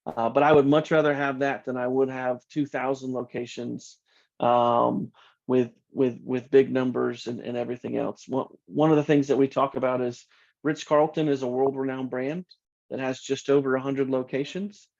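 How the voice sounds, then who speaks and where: A man speaking as a company executive in an interview, earnest and measured. His delivery stays flat, with mid-range pitch. The audio sounds dull and lo-fi. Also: gravelly. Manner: earnest, measured, repeats words when starting. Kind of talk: interview answers.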